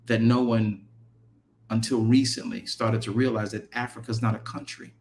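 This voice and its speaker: A man from the United States with an American English accent, speaking as a minister in an earnest, deliberate preaching talk that halts when he works through lists. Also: fairly low pitch, steady tone, darkish tone, slight background noise.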